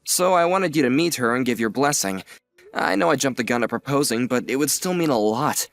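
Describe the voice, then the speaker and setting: A man playing a sincere young man who teases his aunt gently and thanks her earnestly. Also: medium pitch, lively intonation, a little fast, vocal fry. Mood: nervous. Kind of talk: audio drama acting.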